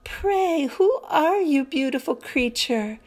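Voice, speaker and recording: A woman's voice: high-pitched, lively intonation, takes it slowly, pitched above the performer's own voice, exaggerated voice. A woman voicing Pandora, a young girl in a storybook reading, speaking earnestly like a child. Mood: wondering. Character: young girl Pandora, sad then wondering.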